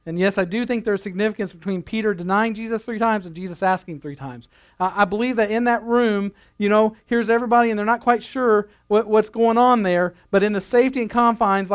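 A man with a notably high voice delivering a sermon. He speaks earnestly, leaning on repeated phrases to drive his points home. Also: clean tone. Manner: earnest, building emphasis, repeats phrases for effect. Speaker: pastor.

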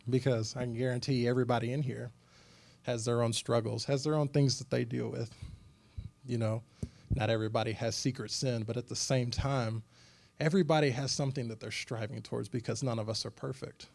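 A young man preaching as a youth pastor, his talk loose and animated, with a middle-pitched voice. He tells a story to a group and keeps slipping in casual fillers. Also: a little fast, gravelly. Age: young adult. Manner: animated and conversational, many fillers.

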